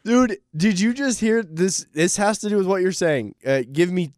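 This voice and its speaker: A man's voice: high-pitched, expressive, a little mellow, no room sound. A man co-hosting a talk show, teasing and riffing in casual banter. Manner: teasing, quick to interrupt and riff. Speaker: radio show co-host.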